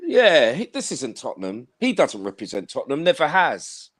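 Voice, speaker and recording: A man's voice: medium pitch, normal speed. A young man co-hosting a football podcast, slangy and emphatic, repeating his points. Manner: animated, slangy, emphatic repetition. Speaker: podcast co-host. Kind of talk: casual football banter.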